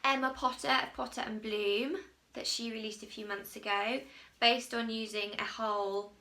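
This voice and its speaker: A woman's voice: on the high side, fairly even intonation, normal speed, sharp tone. A woman from England hosting a crochet podcast, chatting casually to camera from home in a rambling, self-mocking way.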